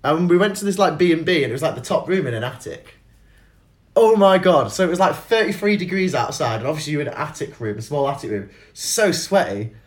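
A man's voice: a little high, animated, a little fast. A man hosting a podcast, talking in a rambling, self-mocking way and laughing often. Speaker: podcast host. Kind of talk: casual chat.

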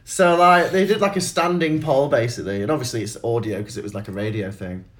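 A man telling stories in a casual chat, animated, swearing freely and acting out other people's voices. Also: mid-range voice, fast.

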